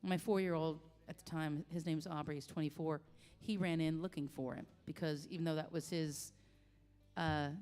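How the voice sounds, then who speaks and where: A woman in her forties, a singer-songwriter, telling a personal story in a halting, heartfelt way with many restarts. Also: low voice, fairly even intonation, a little mellow, smooth, soft background music. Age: 40s. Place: coffee shop. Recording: long reverb, echoey room.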